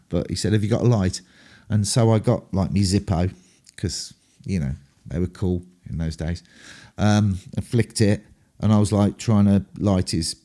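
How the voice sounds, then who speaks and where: Middle-aged male rocker, a touch low, casual rambling storyteller, lots of ums and curses. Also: mellow. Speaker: rock singer telling stories.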